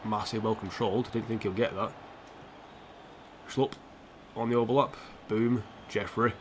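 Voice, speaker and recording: A man streams a football career mode game, casually commenting on the match, answering chat, and poking fun at himself in a chatty way. His voice is on the low side, steady in tone, at a measured pace, with slight background noise.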